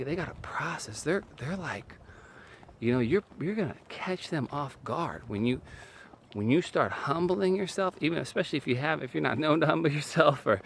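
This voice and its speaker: A man with a gravelly, creaky voice giving an earnest, emphatic talk, pitched in an ordinary middle range. He hammers points home with short repeated phrases, with a faint hum of noise behind him. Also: a bit bright. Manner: speaks from personal experience, faith-based. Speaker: video speaker on relationships. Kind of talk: earnest personal teaching talk.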